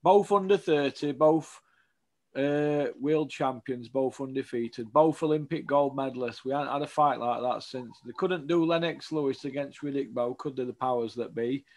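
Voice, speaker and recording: A man's voice: medium pitch, moderate pace. A man giving blunt, outspoken opinions as a boxing pundit in a casual interview, often tagging on questions like "isn't it?".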